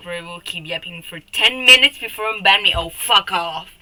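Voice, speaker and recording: A woman's voice: fairly low pitch, unhurried, long pauses, sharp tone, faint music behind, low-quality recording. A young woman streaming live, chatting with her viewers, often giggling, teasing and swearing at her chat.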